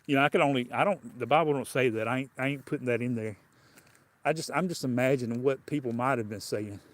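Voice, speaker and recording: A man's voice: medium pitch, fast. A man with a Southern US accent preaching a livestreamed sermon in a folksy, colloquial way, often repeating and restarting his phrases.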